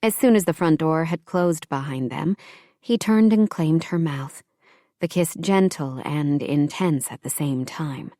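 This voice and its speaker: A woman reading an audiobook romance in calm, even scripted narration. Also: low voice, unhurried, no echo, studio quality.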